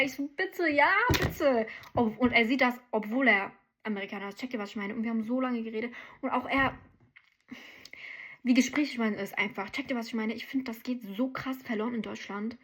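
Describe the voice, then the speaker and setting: A woman chats to camera at a quick clip, her voice slightly husky and pitched a bit high. She keeps checking in with her listeners as she tells her story. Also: steady tone, a bit bright. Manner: chatty, asks viewers if they get it. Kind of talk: casual chat to camera.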